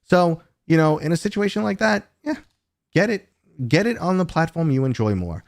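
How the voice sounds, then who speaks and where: A man's voice: a little high, animated, moderate pace, creaky, dry recording, studio quality. A man in his thirties hosts a livestream, chatting casually and rambling as he answers viewer questions. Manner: rambling, chatty, with many fillers and restarts. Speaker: host.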